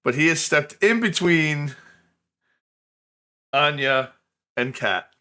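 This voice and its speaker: A man narrating scenes and calling for rolls as game master of a tabletop role-playing game, in a measured, descriptive way. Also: a little high, expressive, sharp tone.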